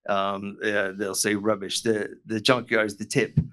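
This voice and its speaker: A man's voice: fairly low pitch, little pitch movement, a little slow, sharp tone. An American man from South Florida, a guest on a podcast, chatting casually and rambling with many restarts. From South Florida, USA. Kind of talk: casual chat. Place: remote call from the UK.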